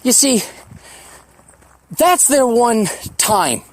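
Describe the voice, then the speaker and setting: Alone on his podcast, a forties-aged host speaks in a very high voice full of big pitch swings. His talk wanders, gets reflective and profane, and he mocks people by slipping into quick put-on voices.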